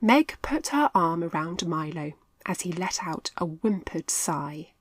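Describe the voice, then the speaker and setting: Woman reading a children's story, slow and clear, very lively pitch, dry sound. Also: dry recording.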